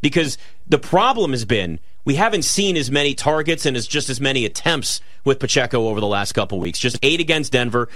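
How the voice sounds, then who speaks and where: A man's voice: medium pitch, fairly quick, no room sound. A man hosting a sports betting show, talking in a casual, teasing way. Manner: teasing, animated. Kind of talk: casual chat.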